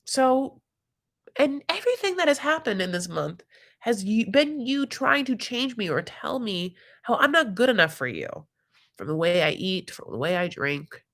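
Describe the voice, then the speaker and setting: A woman's voice: mid-range voice, sing-song, moderate pace, fairly bright tone. A woman hosting a reality TV recap live stream in casual commentary, chatty and giggly, leaning on fillers and calling people honey and my love.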